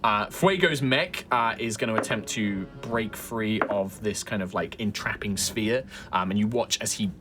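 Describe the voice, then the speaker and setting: A man's voice: lowish voice, moderate pace, hardly any pauses, over music. A man running a tabletop game as game master, narrating loosely with many fillers and restarts.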